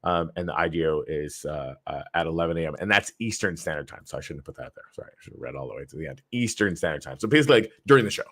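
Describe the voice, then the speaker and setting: A man's voice: extremely low pitch, animated, very fast, hardly any pauses, a bit bright. A man hosting a casual livestream, rambling with lots of fillers and restarts, reading viewer comments aloud and answering them. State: tired. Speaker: show host.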